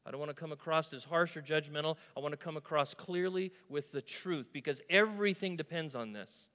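A man preaching a sermon, moving from soft asides to loud, emphatic declarations. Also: fairly high pitch, a little fast. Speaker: pastor. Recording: long hall reverb.

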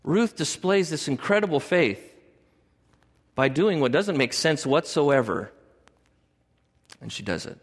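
A man's voice: on the high side, lively intonation, a little slow, long pauses. A male pastor preaching a sermon in an emphatic style, with rhetorical questions and storytelling. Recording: long hall reverb.

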